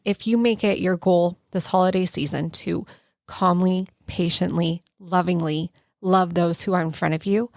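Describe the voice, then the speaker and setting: Gravelly, measured woman podcast host. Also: lowish voice, no echo, clean studio sound. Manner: measured, earnest and unhurried. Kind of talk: calm devotional podcast closing.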